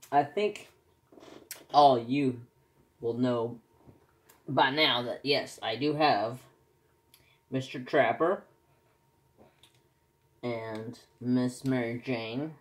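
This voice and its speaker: A man, chatting casually and rambling as he answers questions for his crafting vlog. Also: medium pitch. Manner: rambling, folksy, self-correcting. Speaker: crafting vlogger. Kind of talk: casual chat.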